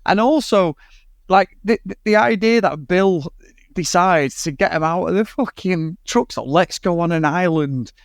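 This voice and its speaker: A man's voice: sits high, measured pace, creaky, no room sound, studio quality. A British man co-hosting a podcast, ranting animatedly and swearing about a film in casual chat. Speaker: podcast co-host.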